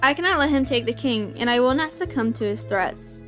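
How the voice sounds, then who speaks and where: Woman with a high voice reading a visual novel aloud, emotional reactions, faint music under. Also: fairly quick. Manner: emotional, bursts into excited reactions.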